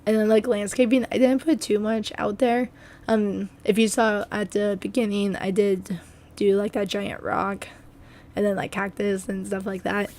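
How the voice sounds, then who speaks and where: Hoarse young woman, chatty voice-over. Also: mid-range voice, level tone, moderate pace, a little mellow. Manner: chatty and rambling. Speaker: video game building creator. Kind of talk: casual voice-over commentary.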